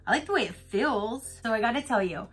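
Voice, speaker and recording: A woman's voice: on the high side, lively intonation, a little fast, breathy edge, soft background music. A woman vlogger chatting casually through an unboxing, telling stories with lots of laughter. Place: home in Florida.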